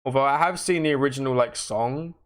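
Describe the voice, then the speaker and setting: A young man talks a little fast while hosting a casual livestream, rambling to his viewers in slang and bouncing between loud outbursts and low mutters.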